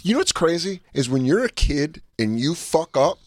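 A man hosting a casual podcast chat, laughing often and chiming in with quick reactions. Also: on the high side, sing-song, dry recording, clean studio sound. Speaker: podcast host.

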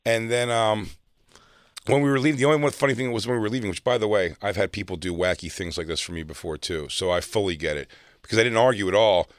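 Man from South Jersey, lower voice, dry close mic, animated storyteller doing voices. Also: fast talker, no room sound. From South Jersey, near Philadelphia. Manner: animated anecdote teller, acts out quotes. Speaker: comedian guest. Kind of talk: casual storytelling chat.

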